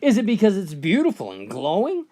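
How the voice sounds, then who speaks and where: Woman playing a patient, coaxing teacher in a joke, pitch lifting and dropping a lot. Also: wildly swooping pitch, fairly quick, dark tone. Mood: earnest. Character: earnest patient female schoolteacher.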